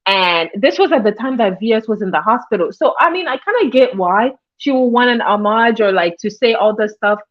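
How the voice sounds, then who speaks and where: A woman's voice: on the high side, expressive, a little fast, few pauses. A woman hosting a livestream in casual commentary, chatty, greeting viewers by name as she talks. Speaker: livestream host. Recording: dull lo-fi stream audio.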